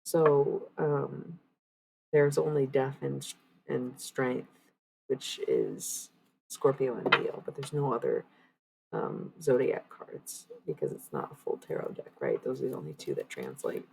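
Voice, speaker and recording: A woman talks loosely to her stream viewers while she reads oracle cards. Her voice sits low and carries a gravelly fry, and she drops the odd curse word. A faint hiss of noise sits under it. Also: lively intonation, a little slow. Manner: loose and chatty, with many fillers and blunt swearing. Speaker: livestreamer giving oracle card readings. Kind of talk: casual live-stream chat with viewers.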